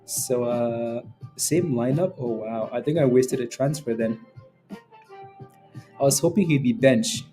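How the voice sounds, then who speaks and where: A man's voice: mid-range voice, a little slow, pauses often, dark tone, soft background music. Joking man hosting a trading stream. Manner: chatty and joking, laughs often, mocks viewers. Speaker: day trading livestream host. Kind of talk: casual livestream chat.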